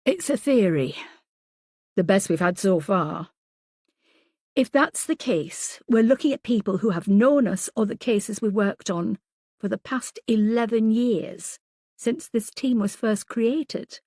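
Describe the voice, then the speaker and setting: A woman reading the lines of a sharp, anxious female team leader in an audiobook. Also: mid-range voice, lively intonation, slow pace, no room sound, studio quality. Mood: alarmed. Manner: impatient, emotional.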